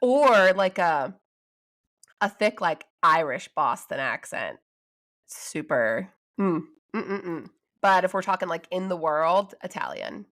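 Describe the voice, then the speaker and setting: A woman's voice: on the low side, sing-song, slow, fairly bright tone. A woman co-hosting a podcast in casual chat, reading out listener questions with frequent exclamations. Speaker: podcast co-host.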